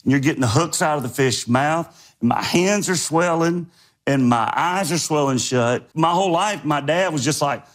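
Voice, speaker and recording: A man on a talk show telling an animated, rambling personal anecdote with folksy asides. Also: on the high side, normal speed.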